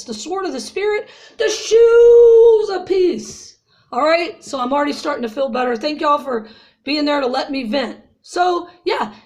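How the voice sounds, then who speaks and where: A woman in her fifties venting to her viewers in an agitated, ranting way, upset after crying and calling her audience "y'all". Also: high-pitched. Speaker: vlogger. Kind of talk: emotional personal vent to viewers.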